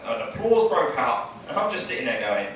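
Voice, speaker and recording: Chatty comic, roomy club sound. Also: male voice, fairly high pitch, big pitch swings, brisk, gravelly, noisy background. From Bexley, southeast London. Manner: chatty, tags lines with "right?". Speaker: stand-up comedian. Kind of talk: stand-up set. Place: small comedy club. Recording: roomy club audio from far off. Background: audience laughter.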